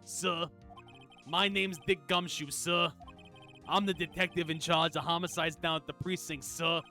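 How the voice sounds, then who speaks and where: A man's voice: fairly high pitch, fairly even intonation, measured pace, bright, forceful tone, faint music behind, pitched above the performer's own voice. A man doing an eager, deferential detective. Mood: earnest. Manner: eager, deferential, keeps saying sir. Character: earnest dutiful male police detective. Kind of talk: reading game lines aloud on stream.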